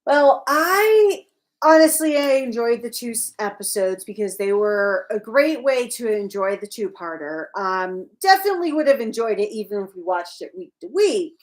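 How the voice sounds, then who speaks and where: Woman, high voice, very lively pitch, casual livestream co-host, teasing. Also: normal speed. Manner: animated and teasing.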